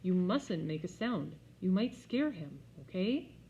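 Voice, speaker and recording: A woman's voice: on the low side, very animated, measured pace, dark tone, slight background noise. A woman voicing an exasperated fourth-grade boy who complains in an indignant, whiny way, on a slightly dull recording.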